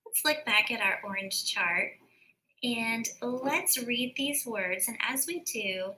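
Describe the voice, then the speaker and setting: Bright-voiced woman teaching phonics. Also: on the high side, low-quality recording. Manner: slow, careful sounding-out of words. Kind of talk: recorded phonics lesson.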